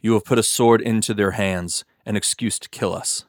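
A desperate foreman pleads that the blame is not his, as a man reading aloud voices him. The voice is low and dry. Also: fairly even intonation, moderate pace, no echo, close to an everyday voice. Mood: pleading.

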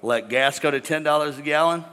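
A man preaching a sermon to a congregation, animated, with call-and-response and jokes. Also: fairly high pitch, fairly quick, long reverb tail. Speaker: pastor. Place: large church hall with congregation.

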